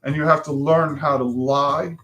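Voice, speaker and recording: A man's voice: fairly high pitch, steady tone, a little slow, fairly bright tone. A man hosting a livestream talk show, ranting bluntly with frustration and swearing.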